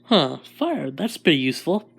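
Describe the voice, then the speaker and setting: A man's voice: fairly high pitch, very animated, normal speed, creaky, fairly bright tone, breathy edge, heavily acted. A man voicing a young hero in alien form, casual and eager with a slightly awkward way of talking. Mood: excited. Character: young hero turned alien, excited and kind.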